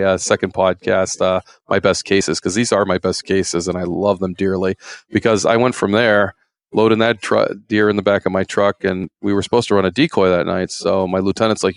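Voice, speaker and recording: Gravelly low-voiced retired game warden. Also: male voice, no room sound. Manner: folksy, rambling, acts out quotes in raised voices. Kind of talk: casual storytelling interview.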